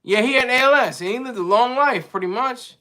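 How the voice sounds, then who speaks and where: A man with a high, bright, sharp-edged voice talks loosely to his live-stream chat. He wanders from point to point with firm opinions and pauses now and then to hunt for a word. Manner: rambling and opinionated, searching for words mid-sentence. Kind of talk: casual monologue.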